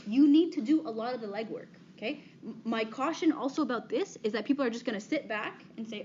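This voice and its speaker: A woman's voice: fairly high pitch, fast talker, dark tone. A woman in her thirties giving a talk to an audience, direct and conversational, checking in with "okay?" after nearly every point. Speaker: speaker giving a talk on dating. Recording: slightly dull, faint background noise.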